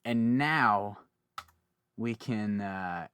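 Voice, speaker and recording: A man's voice: on the low side, very slow, a bit bright, smooth. Chatty young man hosting a podcast. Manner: chatty, self-interrupting, laughs often. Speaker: podcast host. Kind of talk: casual podcast chat.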